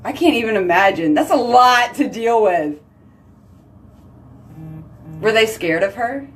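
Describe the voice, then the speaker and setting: Chatty woman host, casual and animated. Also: fairly high pitch, a little slow. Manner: chatty, heavy use of "like", animated exclamations. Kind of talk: casual chat with viewers.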